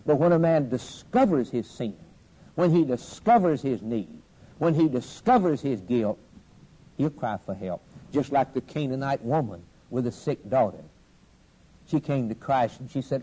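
Husky-voiced preacher in fervent sermon. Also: male voice, medium pitch, lively intonation, a little slow, mellow, rough recording. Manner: fervent, rising and falling emphasis, repeated phrases.

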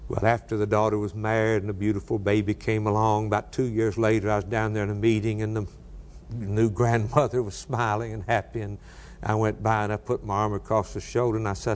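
An older man preaching a sermon, swinging between hushed and raised delivery. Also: fairly low pitch, little pitch movement, brisk, slight background noise. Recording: long hall reverb.

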